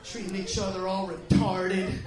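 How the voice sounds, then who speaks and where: High-voiced brash male stand-up comic. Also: level tone, moderate pace. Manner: brash, profane, shouting at the crowd. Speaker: stand-up comedian. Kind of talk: stand-up comedy set. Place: comedy club stage. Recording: roomy club with loud crowd. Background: audience laughter and murmur.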